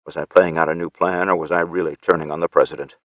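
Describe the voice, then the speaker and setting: A man narrating an audiobook in first person with measured, steady storytelling. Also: low voice, dull audio.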